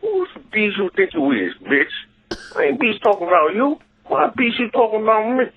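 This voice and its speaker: An angry football player rants and curses without letting up, as a man puts him on. His voice runs high and swings wildly up and down. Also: wildly swooping pitch, normal speed, phone-quality sound, heavily acted. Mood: ranting. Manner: ranting, profane. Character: angry, foul-mouthed male football player.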